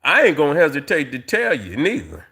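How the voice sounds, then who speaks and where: A man's voice: fairly high pitch, huge pitch swings, fairly quick, creaky, bright, forceful tone, breathy edge. A middle-aged man ranting on a casual livestream, profane and rambling, with lots of fillers, talking straight to his viewers. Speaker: livestream host.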